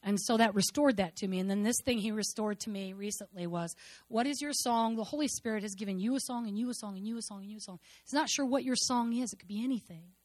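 A woman giving an emotional church testimony, fervent and repetitive, moving between loud declarations and hushed murmurs. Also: mid-range voice, quick pace, no room sound. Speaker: speaker sharing a personal testimony.

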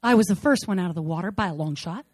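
A woman in her fifties giving a personal testimony in church, telling stories dramatically and swinging between soft and loud. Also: lowish voice, animated, quick pace, dry recording.

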